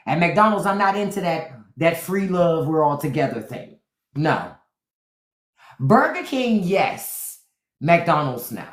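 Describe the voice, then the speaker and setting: A woman's voice: sits low, big pitch swings, slow pace. A woman hosting a live stream in casual chat, candid and laughing, swearing freely. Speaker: livestream host. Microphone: phone during a live stream. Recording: echoey room.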